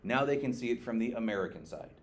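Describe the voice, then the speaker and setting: A male teacher giving a classroom lecture, lively, quizzing his students and checking in with "okay" often. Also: medium pitch, fast talker.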